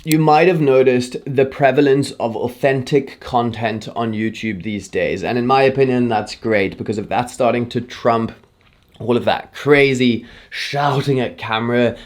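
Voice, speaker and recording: A man talking straight to camera in a casual tutorial. He sounds relaxed and chatty, and he shifts his speed and emphasis to drive his points home. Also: medium pitch, moderate pace. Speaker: YouTube creator teaching on-camera presenting.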